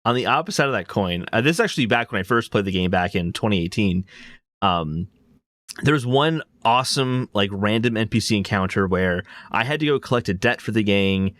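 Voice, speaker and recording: A man's voice: fairly low pitch, animated, fairly quick, a bit bright, dry recording, studio quality. A man co-hosting a casual gaming podcast, telling stories in a rambling, enthusiastic way. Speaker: podcast co-host.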